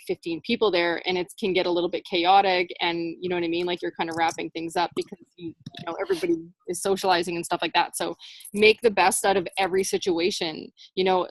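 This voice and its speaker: A woman's voice: on the low side, no room sound. Young woman, team call host, chatty, encouraging, filler-heavy, dry close sound. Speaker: team leader hosting a video call. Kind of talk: casual team call pep talk. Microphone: video call.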